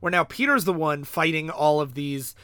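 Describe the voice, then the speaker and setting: A man's voice: a little high, lively intonation, normal speed, sharp tone, smooth, dry recording. Man chatting, dry close sound. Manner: chiming in, reading dialogue aloud with feeling. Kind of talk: casual chat.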